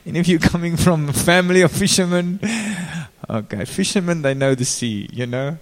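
A man's voice: a little high, a little fast. A man preaching a sermon in an informal way, turning to the congregation with direct questions. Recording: long reverb of a large hall.

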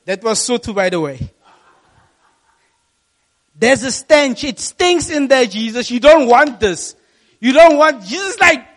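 A man preaching a sermon to a congregation as a youth pastor, telling the story in a lively way and repeating key phrases for emphasis. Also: very high voice, a little slow, long pauses.

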